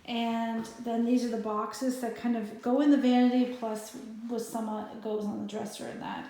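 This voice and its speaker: A woman's voice: on the high side, little pitch movement, normal speed, dark tone, echoey room. A woman vlogging about her day in a casual, rambling way, often laughing. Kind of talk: casual vlog narration. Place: home kitchen.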